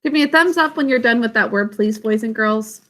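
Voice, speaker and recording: A woman teacher leading a spelling lesson for young children, saying words slowly and sounding them out syllable by syllable. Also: on the high side.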